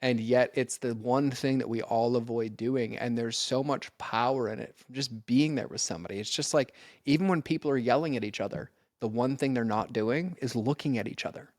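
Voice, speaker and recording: A man speaking as a podcast guest in an earnest, conversational way. He acts out exchanges with bursts of energy, and his voice sits at a middling pitch. The sound is dry and close, with no room around it. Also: fairly quick, hardly any pauses, dry recording. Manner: earnest, animated when acting out exchanges. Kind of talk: casual conversation.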